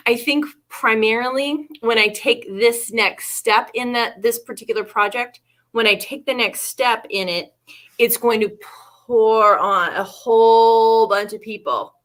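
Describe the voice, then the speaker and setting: Bright reflective woman coach. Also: fairly high pitch, slow. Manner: reflective, laughs often, many restarts. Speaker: leadership coach and co-host. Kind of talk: candid casual conversation.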